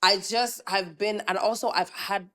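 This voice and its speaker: A young woman raised in Ireland, with a mixed international accent carrying a faint Irish trace, co-hosting a podcast in a relaxed, playful way. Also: mid-range voice, measured pace. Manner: relaxed, playful, trails off and restarts. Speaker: podcast co-host. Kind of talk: casual chat.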